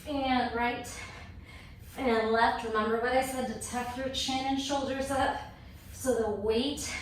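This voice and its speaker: Breathless woman fitness instructor cueing moves. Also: on the high side. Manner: short, clipped exercise cues. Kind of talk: workout class cueing. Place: home workout space. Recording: echoey room from far off, faint noise.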